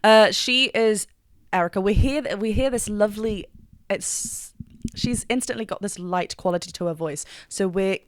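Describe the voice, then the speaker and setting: A woman's voice: mid-range voice, moderate pace, no echo, clean studio sound. A woman vocal coach giving enthusiastic, technical reaction commentary, singing short examples now and then.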